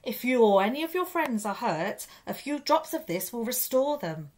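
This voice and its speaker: A woman voicing a big, glad old Father Christmas in a storybook reading, speaking slowly and loudly. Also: fairly high pitch, very animated, pitched above the performer's own voice. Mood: jovial.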